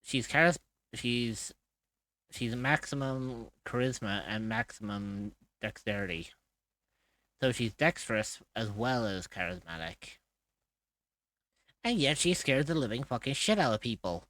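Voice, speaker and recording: A man's voice: medium pitch, lively intonation, a little slow, long pauses, a bit bright. A man streaming while drawing, chatting casually, swearing freely and laughing often.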